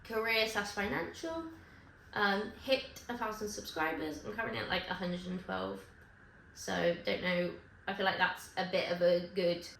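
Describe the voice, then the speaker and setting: A woman vlogging to camera in casual chat, rambling and correcting herself with quick asides. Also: medium pitch, gravelly, a bit bright, a little hiss or hum. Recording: echoey room with faint ambience.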